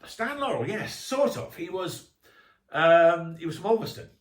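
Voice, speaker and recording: A man's voice: high voice, very animated, measured pace. A man, an author guest on a podcast, telling rambling anecdotes in casual chat. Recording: echoey room, distant mic.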